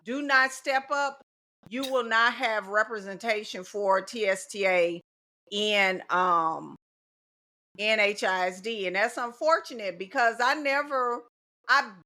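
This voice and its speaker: Emphatic bright-voiced woman. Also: medium pitch, a little slow. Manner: emphatic, repeats key phrases. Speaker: teacher and guest. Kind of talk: casual podcast conversation.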